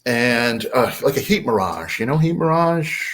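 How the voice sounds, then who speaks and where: Older male guest, animated storyteller, swinging pitch, mid-range voice. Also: normal speed. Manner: animated, acts out voices in his anecdotes. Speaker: podcast guest. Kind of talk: casual storytelling.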